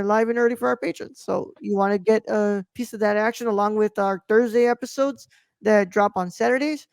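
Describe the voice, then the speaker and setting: Her mid-range voice creaky and a little mellow, a podcast co-host chats casually about a film with lots of fillers and the odd swear word. The delivery is loose, and the studio-quality recording has no echo.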